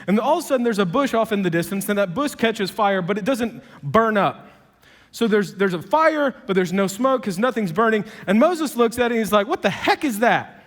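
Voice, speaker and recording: A man's voice: high-pitched, animated, a little fast, big-room sound. A man preaching a sermon as a pastor, telling the story with energy and humor. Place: church auditorium.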